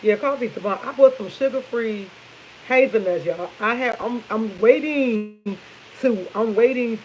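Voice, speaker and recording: A woman's voice: on the high side, unhurried, slight background noise, low-quality recording. Chatty woman in her fifties. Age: 50s. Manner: chatty, animated storytelling, addresses viewers as y'all. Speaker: vlogger. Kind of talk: casual morning coffee chat. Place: home kitchen, indoors.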